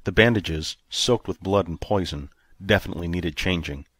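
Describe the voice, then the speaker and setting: A man narrating an audiobook in a steady, even storytelling manner. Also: low voice, normal speed, no room sound. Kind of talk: scripted narration.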